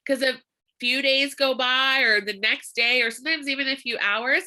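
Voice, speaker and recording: A woman runs a live online training in an upbeat, emphatic way and laughs often. Her voice is very bright and forceful, and pitched a little high. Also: moderate pace. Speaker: social media trainer.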